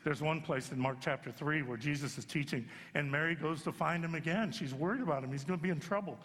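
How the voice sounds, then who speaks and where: High, bright-voiced man preaching. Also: fast talker. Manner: animated storyteller, jumps into acted voices. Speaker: pastor. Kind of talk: comic, animated sermon. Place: church sanctuary. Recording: long sanctuary reverb.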